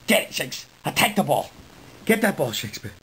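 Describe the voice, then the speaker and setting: A man's voice: a little high, big pitch swings, brisk, bright, forceful tone, slight background noise, low-quality recording. A man filming a casual home video, talking playfully to his dog indoors. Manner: playful, coaxing talk to a dog.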